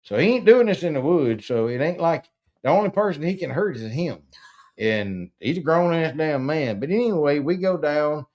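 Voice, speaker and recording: A man's voice: fairly high pitch, lively intonation, normal speed, darkish tone, dull audio. A man telling a rambling, profane, folksy story in casual chat, with frequent stammered restarts. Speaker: podcast host.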